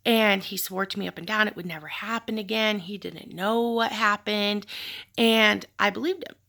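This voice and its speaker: A woman's voice: medium pitch, fairly even intonation, normal speed, creaky, sharp tone. A woman telling a personal story in a candid, reflective vlog, with sighs and fillers. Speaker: vlogger telling her story.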